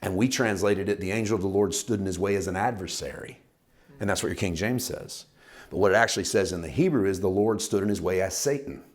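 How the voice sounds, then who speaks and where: A man's voice: deep voice, quick pace. A man teaching a Bible study lesson, talking in a conversational, emphatic way and asking his listeners questions.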